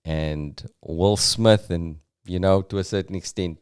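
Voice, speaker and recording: Slow, low-voiced South African man. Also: darkish tone, smooth. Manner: thoughtful, halting, uses fillers. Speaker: podcast host, comedian. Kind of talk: reflective comic podcast monologue.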